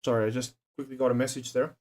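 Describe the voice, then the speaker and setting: A man's voice: medium pitch, flat delivery, racing, a little mellow. A young man chatting casually on a livestream, swearing and joking as he reads out quiz options. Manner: profane, jokey, reads quiz options aloud.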